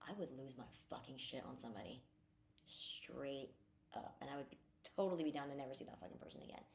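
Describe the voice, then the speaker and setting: A woman's voice: very deep voice, expressive, fast, creaky. A woman co-hosting a podcast in casual chat, blunt and profane, with fired-up talk. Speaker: podcast co-host.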